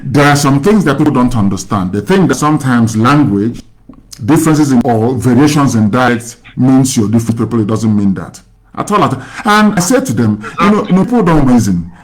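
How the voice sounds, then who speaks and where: A man's voice: mid-range voice, expressive, brisk, low-quality recording. A man from Nigeria hosting a call-in show, lecturing at length and firing rhetorical questions at the caller. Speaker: radio host. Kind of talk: casual call-in chat.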